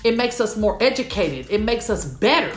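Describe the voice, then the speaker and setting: A woman's voice: mid-range voice, sing-song, moderate pace, echoey room, faint music behind. A woman from Houston, giving a comedic motivational talk to an audience and animatedly playfully acting out other people. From Houston, Texas.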